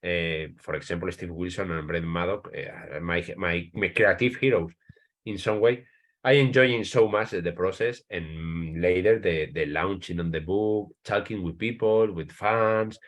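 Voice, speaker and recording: A man from Spain with a Spanish accent, a writer interviewed as a guest, speaking English as a second language with many restarts. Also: deep voice. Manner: halting, many restarts, searching for English words. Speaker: author, guest. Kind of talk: interview answers.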